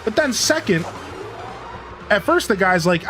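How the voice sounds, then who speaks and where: Male streamer with a high, very expressive voice and casual rambling delivery; faint music underneath. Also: measured pace. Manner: animated, rambling storyteller using lots of filler words. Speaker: livestreamer. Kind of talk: casual chat with stream viewers.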